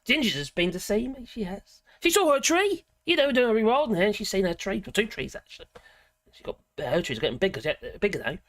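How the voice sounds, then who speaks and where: A woman with a medium-pitched voice and wide swings in pitch talks quickly while hosting a livestream, recorded with studio quality and no echo. She rambles chattily through viewer comments, reading them aloud, often cutting herself off mid-sentence to laugh.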